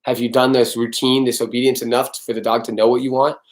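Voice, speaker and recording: A man's voice: mid-range voice, flat delivery, fast. Man, dog trainer, live stream Q&A, blunt, swears a lot, casual. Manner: blunt, swears freely, answers viewers by name.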